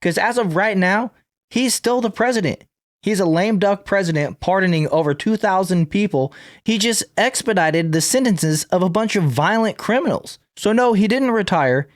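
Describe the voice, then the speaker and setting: A man's voice: high voice, lively intonation, normal speed, no echo, clean studio sound. A man hosting a reaction commentary channel, sarcastic and pointed.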